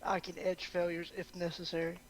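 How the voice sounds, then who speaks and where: A man at a tabletop game, making quick joking asides. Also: high-pitched, completely flat delivery, noisy background. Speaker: player. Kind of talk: tabletop role-play chat.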